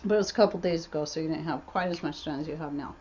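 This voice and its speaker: A woman's voice: sits low, very fast, darkish tone, a little hiss or hum. A woman hosting a casual livestream Q&A from her homestead, chatty and rambling, often restarting her sentences. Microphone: webcam mic. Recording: slightly dull webcam audio.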